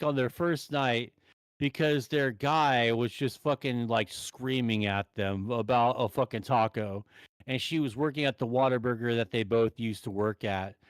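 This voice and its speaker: A man calling in to tell a profane, heated story in an animated way. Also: medium pitch, smooth, no echo, rough recording. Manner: animated, swears constantly, heated. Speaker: caller telling a story.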